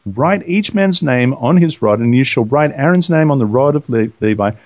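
A man co-hosting a Bible study show, reading scripture slowly and deliberately. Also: mid-range voice, animated, darkish tone, dry recording, muffled recording.

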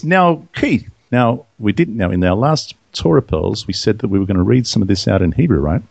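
A man's voice: on the low side, expressive, fairly quick, gravelly, hardly any pauses, breathy edge, no room sound. A man with an Australian accent hosting a casual podcast chat in a joking, playful way. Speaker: host. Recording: dull, lo-fi audio.

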